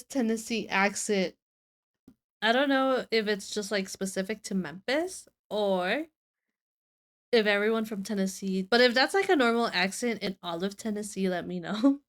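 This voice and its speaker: A woman's voice: medium pitch, unhurried. A woman casually reacting to a video, chatty and giggly, with playfully exaggerated remarks.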